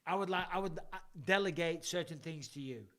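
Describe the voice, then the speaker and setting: A middle-aged English man with a somewhat high voice hosts a casual live chat. He rambles through long anecdotes and swears freely. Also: a little fast, sharp tone. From England. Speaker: podcast host.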